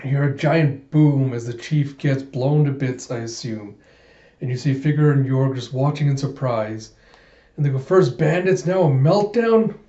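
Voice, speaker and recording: A man hosting a comic book readthrough, retelling the story in an animated, laughing way. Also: medium pitch, normal speed. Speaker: channel host. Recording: muffled echoey room.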